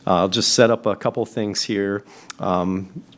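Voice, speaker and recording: A man with a fairly low voice chairs a board meeting. He moves through motions and votes in a steady, procedural manner, with an occasional "uh". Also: unhurried. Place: public meeting chamber.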